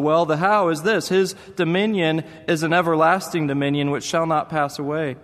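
A man's voice: fairly high pitch, a little fast, few pauses, in a large hall. A man preaching a sermon as pastor, telling stories with emphatic repetition.

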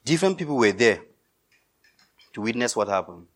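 A male pastor preaching a sermon, emphatic and repetitive, swinging between loud insistence and quiet intensity. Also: medium pitch, big pitch swings, normal speed.

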